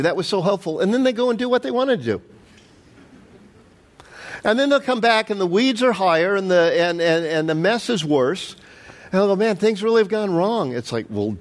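A middle-aged male pastor preaching a sermon, animated and storytelling, acting out the quotes. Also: high-pitched.

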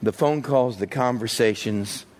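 A man preaching a sermon, joking and acting out quick bits of everyday talk. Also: mid-range voice. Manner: animated, joking, acts out little voices. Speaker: pastor.

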